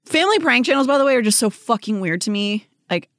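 A woman's voice: fairly high pitch, expressive, quick pace, a bit bright, no room sound, clean studio sound. A young woman hosting a podcast in casual chat, blunt and swearing freely, often laughing. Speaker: podcast host.

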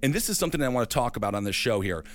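A man's voice: medium pitch, big pitch swings, very fast, fairly bright tone. A man from Wisconsin hosting a political talk show, making emphatic points and repeating them for effect. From Wisconsin, USA. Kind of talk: political commentary chat.

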